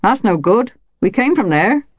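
A woman's voice: medium pitch, sing-song, a little slow, husky, no echo, muffled recording, pitched above the performer's own voice. A woman voicing an insolent male boat traveler who sounds dismissive and half-amused.

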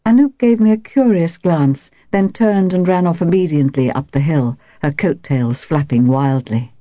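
A woman reading a novel aloud in calm, measured first-person narration. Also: low voice, no echo, muffled recording. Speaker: audiobook narrator.

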